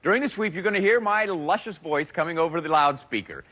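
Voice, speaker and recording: A man's voice: a little high, fast, bright, forceful tone. A man hosting a game show, reading clues and scores in an upbeat, playful way. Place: television studio set. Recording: studio show with music and audience.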